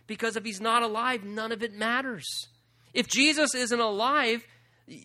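A male pastor preaching a sermon, emphatic and full of rhetorical questions, swinging between loud and soft passages. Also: sits high.

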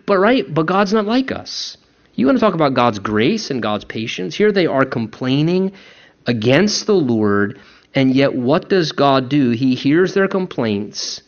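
A man's voice: medium pitch, sing-song, measured pace. A man preaching a conversational sermon as a pastor, acting out quoted voices as he goes. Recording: dull lo-fi recording.

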